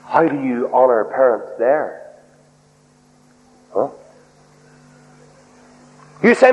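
A man preaching a sermon in an animated way. He swings his pitch up and down, acts out quoted voices and drops in humorous asides. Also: unhurried, long pauses, slightly rough. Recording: dull lo-fi recording in a reverberant hall.

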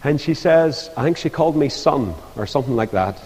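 A man's voice: fairly high pitch, expressive, fairly quick, hardly any pauses, a little mellow, breathy edge. A man preaching an impassioned evangelistic sermon, rising to fervent appeals. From Northern Ireland. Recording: echoey hall with long reverb.

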